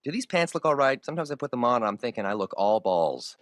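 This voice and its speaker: Actor playing a worried cartoon guy, quick, lively delivery, dry clip. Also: medium pitch, no echo, natural voice. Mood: fretful. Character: self-conscious man worried about his tight pants.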